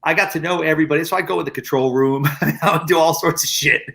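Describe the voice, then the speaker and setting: A man's voice: fairly high pitch, steady tone, quick pace, creaky, a bit bright. A man co-hosting a casual chat, telling backstage anecdotes. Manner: chatty anecdote teller. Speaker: co-host, manager.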